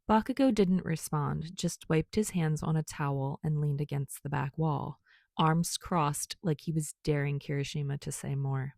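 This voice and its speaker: Brief: low-voiced woman narrator, gravelly, steady reading pace. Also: normal speed, no room sound, clean studio sound. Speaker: podfic reader. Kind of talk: scripted narration of fan fiction.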